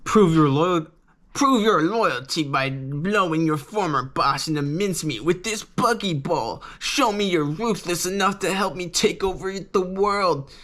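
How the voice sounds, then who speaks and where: A man putting on a menacing pirate clown captain who issues cold, threatening orders, pitched higher than a plain speaking voice. The figure comes from a manga. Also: unhurried, fairly bright tone.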